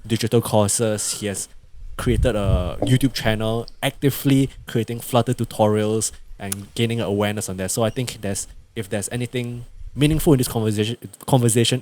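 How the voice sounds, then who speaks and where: A young man with a Singaporean English accent hosting a podcast, chatting in a relaxed way with fillers and laughs, recorded over a video call. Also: fairly low pitch, moderate pace. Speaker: podcast host. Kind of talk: casual podcast conversation. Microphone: video call over the internet.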